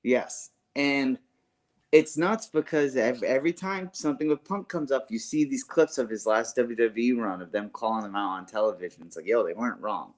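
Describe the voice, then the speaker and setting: A man's voice: mid-range voice, normal speed. A man co-hosting a wrestling podcast in casual chat, rambling with lots of "like" and slang such as "bro" and "yo". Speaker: podcast co-host.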